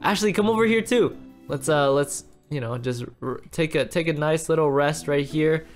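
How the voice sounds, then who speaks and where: Man, game roleplay host, fussy dad, repetitive, rambling, slightly high voice, faint background music. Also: moderate pace. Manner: rambling, repeats words, fussy and fatherly. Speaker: roleplay host and lead character. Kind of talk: improvised game roleplay narration.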